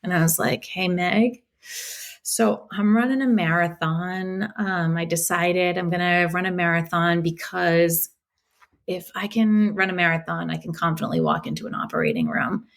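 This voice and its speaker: A woman from the Boston area, a podcast guest telling her story in a casual, animated way and acting out quotes with laughter. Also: lowish voice, normal speed, vocal fry.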